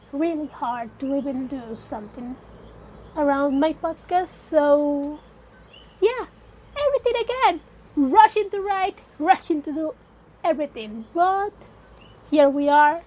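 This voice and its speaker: A woman's voice: high voice, lively intonation, a little slow, long pauses, a little mellow, highs cut off. A woman hosting a casual solo podcast, sounding sick and congested with a cold, chatty and emphatic, slipping into Spanish phrases now and then. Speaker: podcast host.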